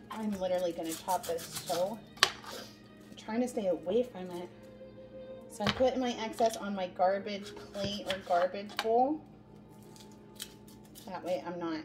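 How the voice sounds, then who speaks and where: A woman's voice: mid-range voice, background noise. Chatty woman hosting a home cooking show. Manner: chatty, narrates each step aloud. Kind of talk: casual cooking demonstration. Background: background music.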